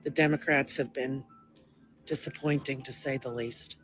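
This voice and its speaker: A man rambling in a halting home video monologue, often clearing his throat. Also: mid-range voice, fairly even intonation, a bit bright, faint music behind.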